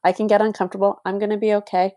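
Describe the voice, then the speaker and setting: A woman's voice: medium pitch, level tone, rapid-fire, warm tone, no echo, studio quality. A woman in her thirties co-hosting a podcast, talking in enthusiastic, rambling casual chat with lots of "like"s. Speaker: podcast co-host.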